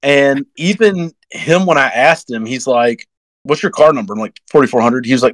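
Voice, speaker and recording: A man's voice: brisk, no echo, rough recording. Rambling young man telling a story. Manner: rambling, acts out quotes with sudden high-pitched outbursts. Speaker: guest race driver. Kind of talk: casual podcast storytelling.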